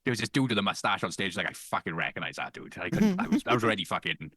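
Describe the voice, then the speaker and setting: A man on a podcast rattles through his stories at a quick clip, swearing constantly and breaking into laughter. His voice is bright and lively, swinging widely in pitch. The sound is dry and close. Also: no echo. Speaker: podcast co-host. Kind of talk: casual chat.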